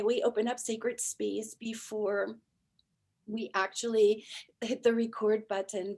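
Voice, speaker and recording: A woman hosting a spiritual podcast in an unhurried, heartfelt chat, her voice dropping now and then to a near-whisper. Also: medium pitch, creaky. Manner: soft, slow, heartfelt, drifting into near-whispers. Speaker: podcast host and ayahuasca facilitator.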